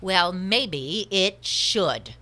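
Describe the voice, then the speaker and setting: An actress playing a blunt, outspoken middle-aged woman traveler in a stage scene, with a sharp, combative delivery. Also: sits low, sing-song, a little fast, heavy background noise. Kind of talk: stage scene performed in a studio. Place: studio.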